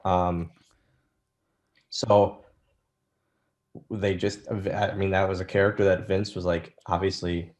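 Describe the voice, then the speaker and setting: A man's voice: low-pitched, level tone, slow, long pauses, a little mellow, muffled recording. A man in his thirties telling rambling, self-deprecating stories as an interview guest, with lots of restarts. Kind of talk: casual storytelling interview.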